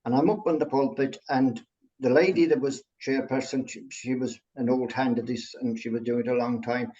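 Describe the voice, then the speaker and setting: A man from Ireland, a medium, telling an anecdote in a chatty, lively way and laughing often. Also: mid-range voice, moderate pace, highs cut off. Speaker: medium sharing a story.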